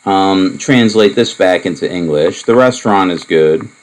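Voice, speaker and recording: A man lecturing on propositional logic, explaining in a relaxed, wandering way with many asides and fillers. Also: sits low, unhurried, rough recording. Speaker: math lecturer. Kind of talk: recorded lecture.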